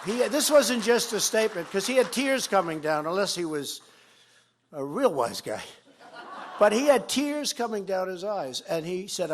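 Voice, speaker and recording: Older guy giving a rally speech into a podium mic, slightly high voice, keeps repeating himself and punching words. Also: very animated, normal speed. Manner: repetitive, emphatic, swings between loud and quiet. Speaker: politician giving a campaign speech. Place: fundraiser event.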